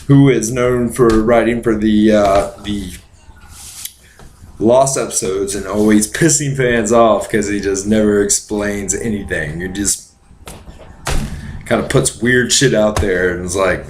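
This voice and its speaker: A man's voice: fairly low pitch, measured pace, a little hiss or hum. A drunk man hosting a casual movie chat, rambling and profane, going off on tangents. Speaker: podcast host. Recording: roomy echo.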